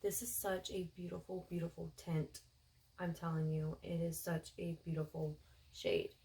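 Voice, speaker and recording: Young woman doing a makeup haul, low gravelly voice, gushy and chatty. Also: steady tone, moderate pace, warm tone, rough recording. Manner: chatty, gushing, with frequent fillers. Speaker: beauty vlogger. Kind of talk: casual product haul review.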